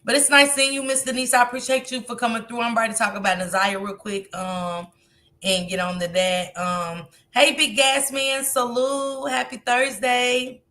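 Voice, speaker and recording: A woman hosting a live stream and talking casually to her viewers about a case, animated and speaking straight to the audience. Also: a little high, moderate pace. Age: grandmother.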